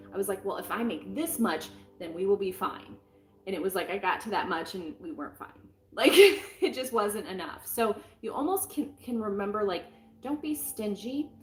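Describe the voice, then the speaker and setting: Chatty middle-aged woman reading tarot. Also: fairly low pitch. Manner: chatty, frank and encouraging, rambling with fillers. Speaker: tarot reader. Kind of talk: casual weekly tarot reading. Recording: roomy with faint music behind.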